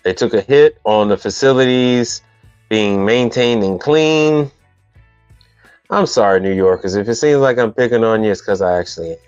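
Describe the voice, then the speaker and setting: A man's voice: on the low side, animated, moderate pace, a little mellow, clear, resonant tone, dry recording. A man hosting a casual live stream on business questions, rambling and teasing in loose slang. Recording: dull dry sound with faint music behind.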